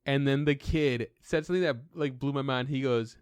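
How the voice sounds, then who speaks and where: A young man of medium pitch telling a long, rambling podcast story, leaning on "like" and slipping into quoted voices. The sound is close and dry, with no room echo. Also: normal speed, hardly any pauses, smooth. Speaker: podcast co-host. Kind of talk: casual chat.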